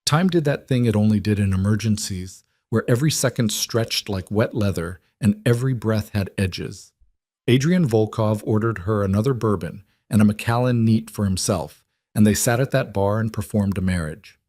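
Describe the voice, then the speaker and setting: Man, audiobook narrator, steady measured storytelling, lowish voice, dry close recording. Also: dry recording.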